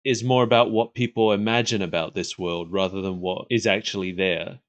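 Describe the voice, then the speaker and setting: A man with a low voice and fairly even intonation co-hosts a podcast, chatting casually and fairly quickly about an old cartoon and laughing often. The sound is lo-fi.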